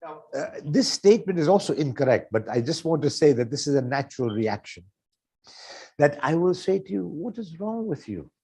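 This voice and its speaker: A man's voice: fairly high pitch, animated, a little fast, warm tone, slightly rough. A man preaching a sermon, earnest and full of rhetorical questions, acting out everyday conversations.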